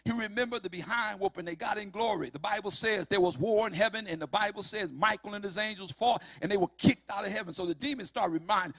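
Male preacher, high-pitched and emphatic, dry recording. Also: quick pace, creaky, few pauses, no echo. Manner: emphatic, rising to shouts on key lines. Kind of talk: sermon.

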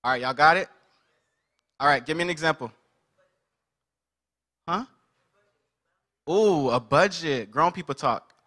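A male preacher with a fairly high, bright, forceful voice, leading a lively interactive sermon. He keeps calling out to the people in front of him and pushes them to answer back. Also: unhurried, pauses often. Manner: energetic, calls out to the congregation.

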